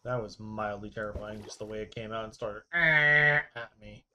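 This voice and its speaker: A young man talks through a game on stream in a loose, rambling way. He swears casually and laughs at his own mishaps. He drifts between muttered asides and quick bursts of excitement. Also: on the low side, highs cut off. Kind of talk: casual gameplay commentary.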